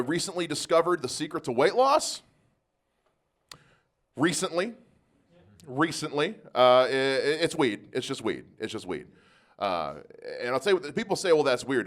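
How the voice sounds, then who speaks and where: Self-deprecating male stand-up comic. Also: medium pitch. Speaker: stand-up comedian. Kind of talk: stand-up comedy set.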